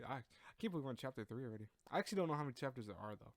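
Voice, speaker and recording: Excitable young man playing a game. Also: medium pitch, no room sound. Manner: excitable, quick to laugh and exclaim. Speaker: let's play gamer. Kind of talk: casual game commentary.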